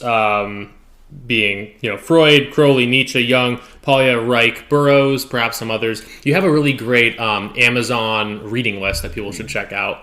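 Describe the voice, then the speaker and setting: A man hosts a relaxed podcast conversation, rambling in a loose, think-aloud way. His voice sits a little low, with a bright, forceful edge. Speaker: podcast host. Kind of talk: casual podcast interview.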